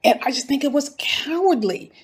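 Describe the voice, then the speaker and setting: A woman's voice that sits high, with lively intonation and a moderate pace, drives this casual commentary video. The YouTube commentator, from North Philadelphia, talks straight to her viewers in a heated, indignant way.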